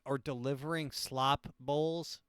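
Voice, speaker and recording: A man's voice: mid-range voice, steady tone, takes it slowly, fairly bright tone, clean tone. A young male comedy podcast host with a sardonic, rambling delivery that keeps circling back and restarting. His voice sits in an ordinary middle register. The sound is close and dry, with no room echo. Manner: rambling, full of filler words and restarts, sardonic.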